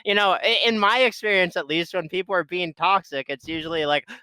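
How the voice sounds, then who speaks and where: Bright-voiced, halting man co-hosting podcast. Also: high voice, clean tone, no room sound. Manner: halting, many restarts, frequent laughs. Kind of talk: casual podcast chat.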